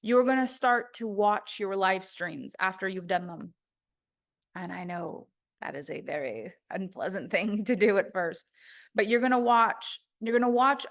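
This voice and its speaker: A woman's voice: mid-range voice, measured pace, a bit bright. A woman voice coach teaching an online course, speaking earnestly and emphatically and acting out what her students say to themselves.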